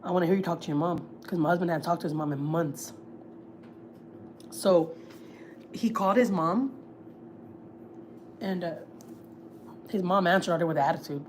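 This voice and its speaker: A woman's voice: on the low side, normal speed, long pauses, darkish tone, a little hiss or hum. A woman, a family vlogger, tells gossip on a livestream in a blunt, heated, profane way. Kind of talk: casual storytelling, gossip.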